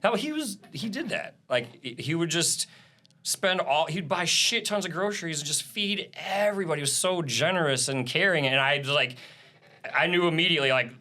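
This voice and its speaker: A man in his thirties with a bright, forward voice tells tour stories in a relaxed podcast chat. He's animated and loose, swearing freely and laughing as he goes. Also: on the high side, moderate pace. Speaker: live audio engineer and drummer. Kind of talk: casual podcast interview.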